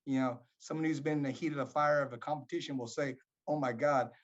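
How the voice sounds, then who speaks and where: A man's voice: medium pitch, steady tone, fast. Reflective middle-aged father, dull lo-fi sound. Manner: reflective, storytelling. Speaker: guest, boxer's father and coach. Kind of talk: casual interview chat. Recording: dull lo-fi audio.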